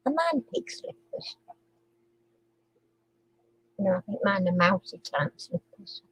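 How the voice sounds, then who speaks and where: Woman, husky, slow, dry close sound, casual live chat host. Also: medium pitch, very animated, a bit bright, no room sound, poor audio. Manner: chatty, giggly, coos to her dog.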